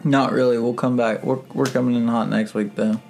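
Gravelly man with deadpan quips. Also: medium pitch, a little fast, faint music behind. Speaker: podcast co-host. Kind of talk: casual chat.

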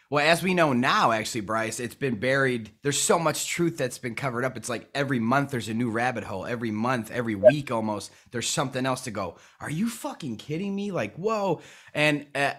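A man hosting a podcast, excitable and swearing freely, often trailing off and starting his sentences over. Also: mid-range voice. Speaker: podcast host. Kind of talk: casual podcast talk.

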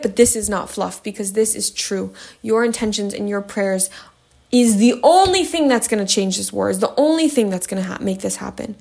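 Passionate woman teaching with gravelly fry. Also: darkish tone. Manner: passionate, emphatic, with sudden high bursts. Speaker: Torah class teacher. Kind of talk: spoken Torah lesson.

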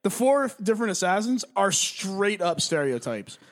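A young man with a notably high voice talks in a loose, rambling way, peppering his chat with swearing and laughter. He sounds like a podcast co-host riffing casually with a friend. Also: big pitch swings, normal speed. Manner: rambling, profane, laughs often.

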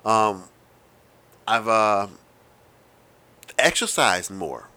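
Fast-talking wry man, bright voice. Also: lowish voice, animated. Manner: rambling, wry, with profanity and asides; self-described fast talker. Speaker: podcast host. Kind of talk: casual monologue.

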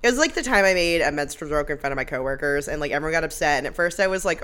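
A woman's voice: sits low, lively intonation, rapid-fire, fairly bright tone, clean tone. A woman co-hosting a podcast, recapping a TV episode in sarcastic, swear-filled casual chat and laughing at herself. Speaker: podcast co-host. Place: Ireland.

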